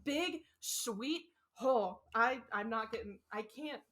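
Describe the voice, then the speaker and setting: A young woman co-hosting a casual podcast, her voice bright and forceful. She talks loudly and gushes, swearing freely and breaking into cackles. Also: a little high, lively intonation, takes it slowly. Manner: loud, swears often, cackles, gushing. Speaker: podcast co-host. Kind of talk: casual chat.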